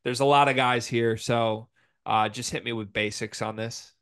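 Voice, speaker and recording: A young man co-hosting a casual sports talk show, animated and opinionated as he ranks players, with the hiccups. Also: mid-range voice, clear, resonant tone. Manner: animated, opinionated, quick rankings. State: has the hiccups. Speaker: podcast co-host.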